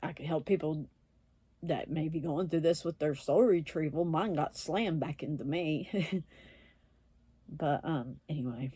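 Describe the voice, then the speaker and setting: Blunt, swearing woman with a low, dark voice. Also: a little slow, pauses often, breathy edge, no room sound. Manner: blunt, swearing, laughing often, acts out quoted voices. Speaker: self-described witch and medium, vlogger. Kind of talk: casual storytelling to camera.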